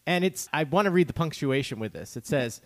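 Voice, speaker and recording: A man's voice: on the high side, lively intonation, brisk. A man co-hosting a podcast in casual chat, playful and teasing as he reads out listener emails. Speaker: podcast co-host.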